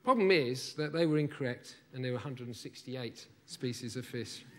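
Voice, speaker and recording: A man preaching a sermon, telling a Bible story with lively, acted-out lines and asides to the congregation. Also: medium pitch, normal speed, a little hiss or hum. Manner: animated storytelling, acts out the disciples' lines.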